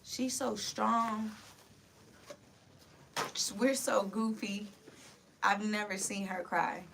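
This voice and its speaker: A woman guest on a podcast telling an emotional personal story in an animated way, full of "like". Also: medium pitch, slow pace, gravelly. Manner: animated, lots of "like", voices rising with the story. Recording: distant mic, faint room hiss.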